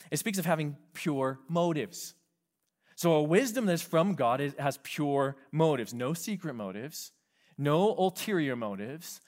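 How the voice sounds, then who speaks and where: A man preaching a sermon as pastor, lively, acting out quoted voices and dropping to soft whispers. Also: mid-range voice. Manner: animated, acts out quoted voices and drops to whispers. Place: California.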